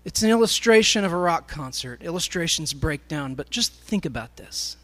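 High-voiced man telling a story. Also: lively intonation, normal speed, a bit bright. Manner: storytelling, addressing a live audience. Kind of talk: sermon.

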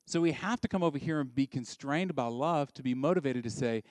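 A middle-aged man preaching a sermon, swinging from soft asides to loud, emphatic peaks. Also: medium pitch, a little fast, few pauses, dry recording. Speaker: pastor.

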